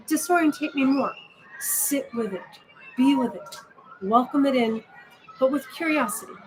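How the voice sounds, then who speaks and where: Woman teaching meditation, gentle and musing. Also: mid-range voice. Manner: gentle, musing, with frequent "right?". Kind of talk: reflective meditation talk. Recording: steady background noise.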